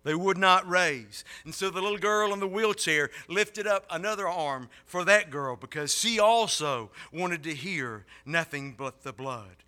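Male preacher, high-ish and very bright, sermon that swells to impassioned peaks. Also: animated, measured pace, hardly any pauses. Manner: builds to loud impassioned peaks, then drops low.

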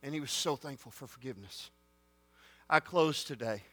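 A man preaching to students, rising to shouted excitement. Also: mid-range voice, normal speed, breathy edge, no echo. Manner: folksy, builds to shouted excitement. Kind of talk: sermon storytelling.

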